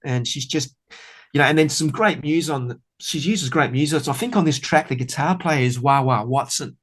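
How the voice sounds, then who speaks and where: Middle-aged man, bass-player guest, chatty and enthusiastic, loose rambling delivery. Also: moderate pace. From Australia. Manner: enthusiastic, rambling, many fillers. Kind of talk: casual podcast interview.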